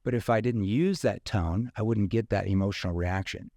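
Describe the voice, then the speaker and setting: A man's voice: fairly low pitch, moderate pace, dark tone, dry recording, clean studio sound. A man, a sales trainer guest, explaining his method in casual interview talk, dotting sentences with "you know" and "right?".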